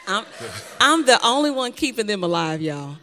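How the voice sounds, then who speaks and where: A woman's voice: medium pitch, very animated, moderate pace, bright, forceful tone, a little hiss or hum. A woman giving chatty thank-yous to an audience in a church, sometimes tripping over names. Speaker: event speaker giving thanks. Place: church hall. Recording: long hall reverb.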